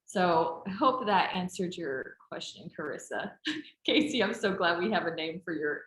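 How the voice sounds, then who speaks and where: A woman's voice: on the low side, expressive, moderate pace, fairly bright tone. A woman trainer chatting casually, talkative and encouraging as she answers team questions. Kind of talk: casual group chat. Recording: roomy echo.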